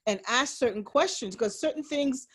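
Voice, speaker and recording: Woman co-host with a higher voice; thoughtful, measured, reflective chat. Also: slightly rough. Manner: thoughtful, measured, with steady listening murmurs. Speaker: podcast co-host.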